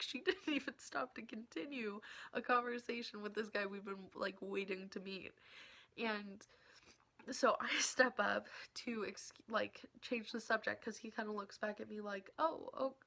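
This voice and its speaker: A young woman telling an excited story in a casual vlog, laughing often and dropping into whispers. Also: fairly high pitch. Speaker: vlogger.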